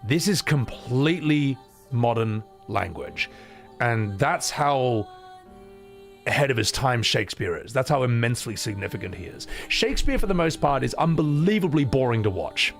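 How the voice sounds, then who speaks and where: A man chatting casually on a live stream, opinionated and loose, dropping in swears and asides. His mid-range voice carries a gravelly fry. Faint music plays underneath. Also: mid-range voice, expressive, normal speed.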